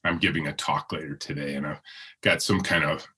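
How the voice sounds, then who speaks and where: A hoarse middle-aged man with a deep, husky voice answers interview questions. He rambles reflectively, restarting sentences and leaning on fillers as he thinks aloud. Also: steady tone, brisk, sharp tone. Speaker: interview guest.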